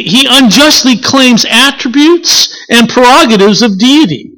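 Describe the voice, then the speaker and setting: Lively preacher with a wide-ranging pitch. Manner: lively, expressive delivery with rhetorical questions; corrects themselves mid-sentence. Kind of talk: sermon.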